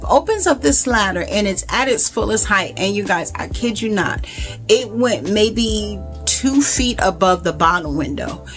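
A woman vlogger telling a story casually, animated and exasperated, with asides to her viewers. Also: mid-range voice. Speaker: home vlogger.

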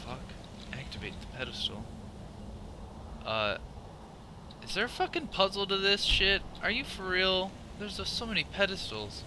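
A man giving live gameplay commentary, profane and excitable, thinking out loud and yelping at scares, with loud game sound under his voice. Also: sits high, normal speed, long pauses, noisy background. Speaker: let's play gamer.

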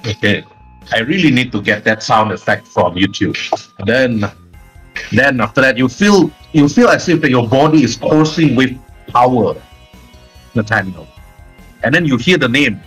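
A man's voice: mid-range voice, lively intonation, moderate pace, a bit bright, faint music behind. A man narrating as game master, rambling loosely with fillers.

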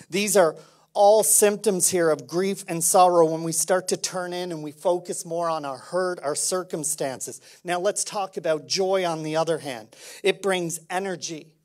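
A man preaching a sermon as pastor, conversational and lively, swinging from loud emphasis to quiet intensity. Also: high-pitched.

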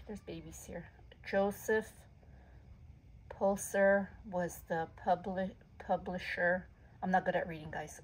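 A woman vlogger showing her collection of jewelry books in a casual show-and-tell, talking softly and admiringly and stumbling when she reads aloud. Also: fairly low pitch, a little hiss or hum, poor audio. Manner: slow, soft-spoken, admiring, stumbles when reading aloud.

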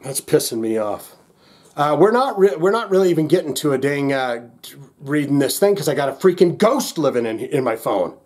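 A man with a somewhat high voice talks through a casual reaction vlog. He sounds agitated and exasperated, rambling, restarting his sentences and cursing under his breath. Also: very animated, moderate pace. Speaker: music reaction channel host.

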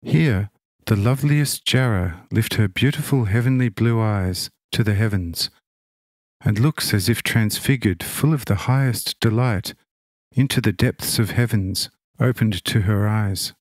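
A man reading a religious text as an audiobook narrator, solemn and measured. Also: fairly low pitch, darkish tone, dry recording.

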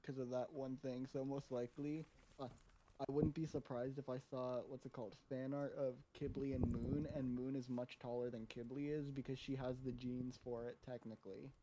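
A man's voice: medium pitch, little pitch movement, moderate pace. A man co-streaming a game, rambling through fan theories in casual chat. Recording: loud noisy voice-chat line.

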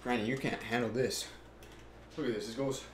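A young man giving horror game commentary, jumpy and excitable, yelling at the game and then talking low and taunting. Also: brisk, slight background noise. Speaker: gaming YouTuber.

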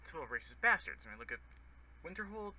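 A man's voice: on the high side, big pitch swings, fast, sharp tone, husky, rough recording. A man giving casual, profane, rambling commentary while playing a video game. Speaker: let's play gamer.

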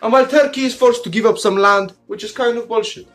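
Over soft background music, a very high-pitched, slightly bright male voice rushes through a comedic history video in a mock commander persona. Crude and jokey, he swears, calls his viewers "comrades" in nearly every line and breaks into laughter and silly asides.

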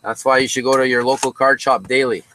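A man's voice: mid-range voice, fairly even intonation, fast, sharp tone, a little hiss or hum, rough recording. A man hosting a casual card break from a card shop, chatting with viewers by name as he calls out each card.

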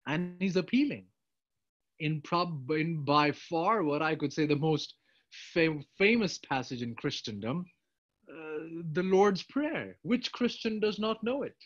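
A man preaching a sermon, emphatic, swinging between loud urgent appeals and quiet asides. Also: a little high, lively intonation, measured pace. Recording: dull, lo-fi sound.

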